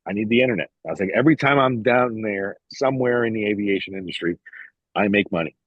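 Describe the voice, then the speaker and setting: A man's voice: fairly low pitch, quick pace, no room sound, dull audio. A man in a casual podcast chat, telling a rambling, profane story and acting out what others said to him. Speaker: podcast guest.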